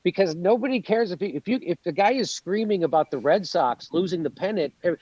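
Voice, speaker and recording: A man's voice: high-pitched, expressive, fast, hardly any pauses, a little mellow, no room sound, lo-fi sound. A man in an interview, ranting in a sarcastic, profane, worked-up way. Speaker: guest comedian. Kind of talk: animated interview rant.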